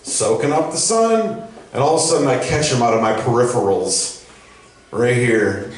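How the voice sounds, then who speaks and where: A man's voice: medium pitch, moderate pace, recorded from a distance. A man hosting an open mic night and telling a profane, rambling stand-up story. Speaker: open mic host and comedian. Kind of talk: stand-up comedy. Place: small event venue. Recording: very echoey room, mic from afar.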